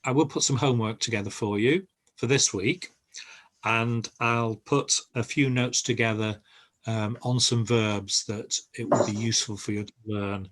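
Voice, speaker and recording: An older man who teaches an online group language lesson over a video call and explains patiently, with many pauses. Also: on the low side, fairly even intonation, a bit bright.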